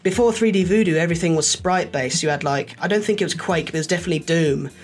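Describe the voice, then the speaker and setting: A man telling stories in a casual chat, lively and acting out the people he quotes. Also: a little high, quick pace. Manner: animated storyteller, acts out quoted voices.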